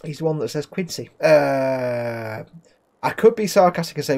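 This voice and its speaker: A man's voice: medium pitch, animated, normal speed, creaky, darkish tone. A man casually commenting while streaming a video game, chatty and wry, reading chat messages aloud.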